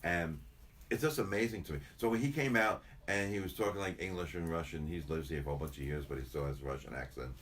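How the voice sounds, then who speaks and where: A man's voice: sits low, quick pace, a bit bright. An older man, a chiropractor, chatting casually in an interview, rambling and repeating himself as he tells stories. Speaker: chiropractor guest.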